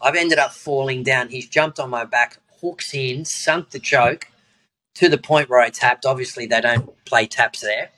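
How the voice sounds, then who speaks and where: A man at a middle pitch, telling a long story as a podcast guest. He jumps into the voices of the people in his tale and chuckles his way through the punchlines. The tone is loose and conversational. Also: sharp tone, poor audio. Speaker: podcast guest, jiu-jitsu professor. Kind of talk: casual storytelling.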